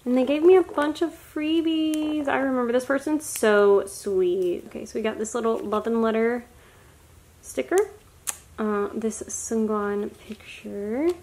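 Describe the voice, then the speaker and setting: A young woman chatting casually while unboxing a haul, gushing and excitable, often gasping and laughing. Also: a little high, a little slow. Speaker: vlogger.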